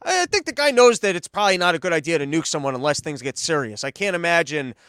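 A man's voice: fairly high pitch, big pitch swings, quick pace, a bit bright, clear, resonant tone, no echo. A man hosting a podcast, giving rambling, mocking political commentary full of sarcastic asides. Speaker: podcast host.

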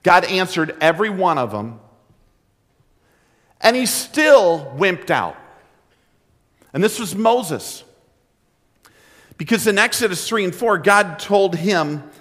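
An earnest male pastor preaches in a direct, conversational style. His voice sits high for a man. A long reverb rings through the church hall. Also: big pitch swings, slow pace, long pauses, a bit bright. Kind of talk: sermon.

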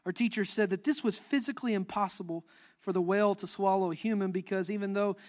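Young guy pastor, pretty high voice, preaching a sermon, gets loud and fired up on the big points. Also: fast. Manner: animated preaching that swells to emphatic, near-shouted peaks.

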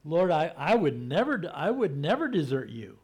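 A preacher voicing an earnest, impulsive disciple. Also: male voice, on the high side, very animated, moderate pace, a little mellow, husky, heavily acted. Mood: earnest protest. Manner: earnest, protesting.

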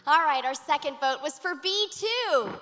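A woman's voice: high voice, expressive, moderate pace, noisy background. An out-of-breath woman assisting the pastor on stage, bubbly and self-deprecating. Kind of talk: lively stage banter. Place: large church auditorium. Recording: long hall reverb. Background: music playing.

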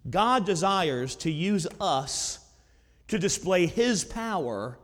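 High-voiced male preacher in echoing hall. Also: sing-song, slow pace, fairly bright tone. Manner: conversational storytelling that builds to emphatic exclamations. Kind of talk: sermon storytelling. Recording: long hall reverb.

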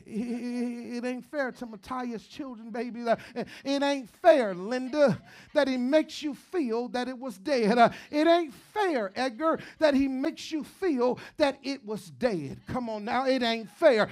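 A woman delivering a fervent sermon in a high-pitched voice, driving her points home through rhythmic repetition. She swings from near-whispers to shouts and keeps calling out "come on now" to the congregation. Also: unhurried. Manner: frequent "come on now" call-outs. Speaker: preacher.

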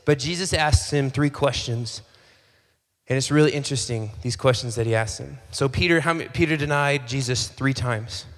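A man preaching a sermon as a pastor, in a relaxed, conversational way, acting out little bits of dialogue and often repeating phrases. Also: mid-range voice, moderate pace, long reverb tail. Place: church hall.

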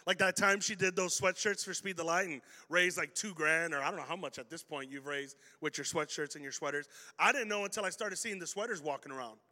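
Guy pastor preaching, high bright voice, acts out people in his stories, big echoey church hall. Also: a little fast, few pauses. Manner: animated storytelling, acting out quoted voices. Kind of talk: sermon. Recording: hall reverb.

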